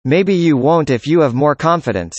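Scripted practice dialogue, speaker, mid pitch, even question-and-answer reading, dry recording. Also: normal speed, dry recording. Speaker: dialogue reader.

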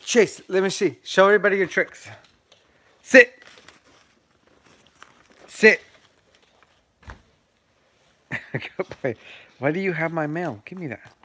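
A man's voice: high-pitched, a little fast, a bit bright. A man chatting casually on a live stream from his phone, calling to his dogs and laughing with viewers.

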